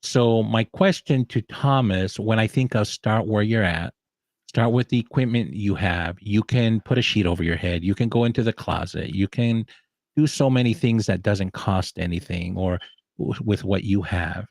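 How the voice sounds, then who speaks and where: A man who grew up in the American South, speaking in a relaxed, encouraging panel chat with frequent pauses. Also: on the low side, vocal fry, no echo. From Southern United States. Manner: encouraging, reflective, many pauses. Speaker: guest speaker.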